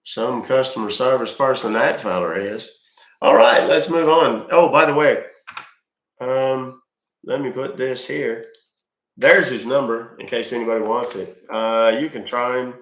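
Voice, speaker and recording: Man, congested, folksy rambling live-stream host, middle-aged, mid-pitched, roomy echo. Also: a little slow, a bit bright. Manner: folksy, rambling, chatty with viewers. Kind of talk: casual live-stream chat.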